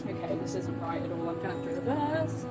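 A young woman chatting casually in a farm vlog, nervous and quick to laugh, talking from a tractor cab. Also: on the low side, lively intonation, loud music behind the voice. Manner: chatty, nervous, laughs often, exclaims a lot. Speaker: farm vlogger. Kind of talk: casual vlog talk to camera.

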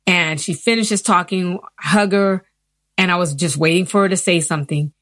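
Interview guest, woman in her fifties, low-pitched and earnest, acting out the people she quotes. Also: moderate pace, no room sound, studio quality. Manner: earnest, animated retelling with acted quotes. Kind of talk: personal storytelling.

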